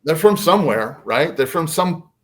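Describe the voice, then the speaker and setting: A man telling a personal story as a podcast guest, casual and animated. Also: a little high, normal speed. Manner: animated, acts out quotes.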